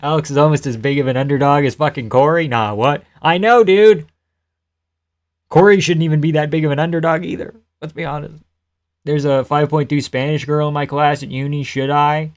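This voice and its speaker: A man's voice: fairly high pitch, steady tone, a little fast. Joking, profane male streamer. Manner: loose, joking, profane, laughs often. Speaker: live streamer. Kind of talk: casual live fight commentary and chat reading.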